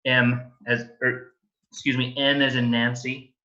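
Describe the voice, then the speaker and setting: A man's voice: medium pitch, flat delivery, pushed and bright, slight background noise. Gleeful male player on a dull mic. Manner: gleeful, quick-spoken. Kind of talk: casual tabletop game play.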